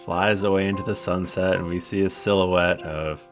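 A man game master narrating the closing scene in an unhurried way with many fillers. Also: deep voice, fairly even intonation. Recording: music under the voice.

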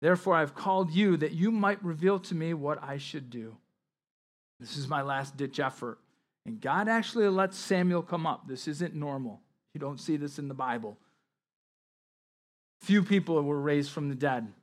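A man's voice: on the high side, moderate pace. A man preaching a sermon as pastor, reading scripture aloud with emphatic rises and explaining it.

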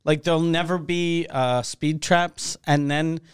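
A man co-hosting a comedy podcast who tells stories in an animated way and acts out the quotes. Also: fairly high pitch, a little slow, clear, resonant tone. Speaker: podcast co-host. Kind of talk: casual comedic podcast chat.

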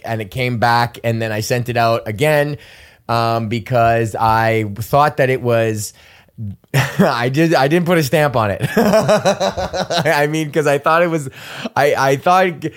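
A young man hosting a podcast, ranting casually and profanely in a rambling, animated way. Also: medium pitch, clear, resonant tone. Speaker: podcast host.

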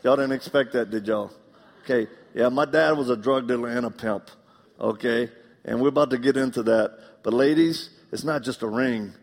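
A middle-aged man preaching a live sermon, animated and joking, acting out the voices in his stories. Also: medium pitch, moderate pace. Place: church auditorium. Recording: long reverb of a large hall.

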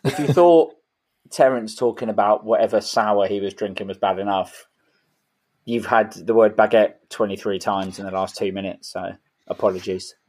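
A man's voice: on the low side, normal speed, darkish tone. A man co-hosting a podcast, tipsy and ranting with mock outrage in casual chat. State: drunk. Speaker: podcast co-host.

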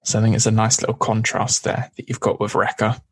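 A man's voice: lowish voice, flat delivery, fairly quick. A man co-hosting a casual podcast, recapping an episode with a chatty, easygoing manner and frequent laughs. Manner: chatty, laughs often, does brief voices. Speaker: podcast co-host.

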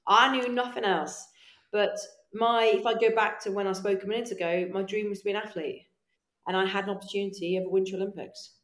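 A woman guest on a podcast, telling animated stories in casual chat, swearing freely and acting out her own voice. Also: mid-range voice, fairly quick. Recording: echoey room.

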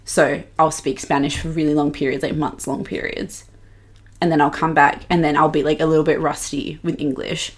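Low-voiced woman gossiping. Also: normal speed. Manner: animated, sweary, mocking quoted voices. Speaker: podcast co-host. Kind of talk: casual gossip chat.

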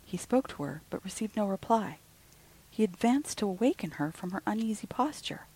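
A woman hosting a podcast, reading a ghost story aloud in a slow, hushed way. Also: mid-range voice, expressive, low-quality recording. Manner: slow, breathy, with soft hushed passages.

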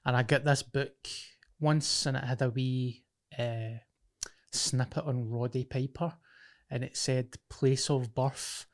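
A man's voice: medium pitch, fairly even intonation, slow. A Scottish man with a Glasgow accent, co-hosting a podcast and telling jokey anecdotes in casual chat. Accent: Scottish, Glasgow area. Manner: joking, name-dropping anecdotes. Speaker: podcast co-host.

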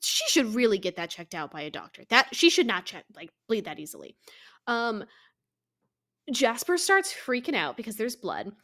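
A woman co-hosting a podcast in casual chat, animated and acting out characters as she recaps. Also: fairly high pitch, moderate pace. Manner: animated, acts out characters in quotes. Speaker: podcast co-host.

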